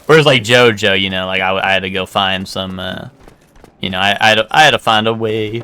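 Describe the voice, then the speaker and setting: Young male streamer with a bright, forward voice, loose rambling chat, lots of fillers and casual cursing. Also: lowish voice, slight background noise. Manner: rambling, many "like" fillers and restarts; swears casually. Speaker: game streamer.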